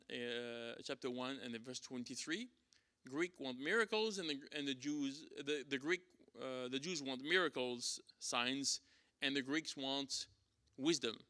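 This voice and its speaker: French-accented man, church apologetics teacher, bright and forceful, dry close sound, lots of restarts. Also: medium pitch, moderate pace, no room sound. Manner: conversational teaching with fillers and restarts. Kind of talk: apologetics class lecture. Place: church classroom.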